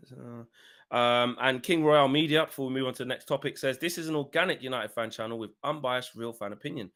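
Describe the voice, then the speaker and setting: A man hosting a casual fan podcast over a call, chatty and animated, with slangy banter. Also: mid-range voice. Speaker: host.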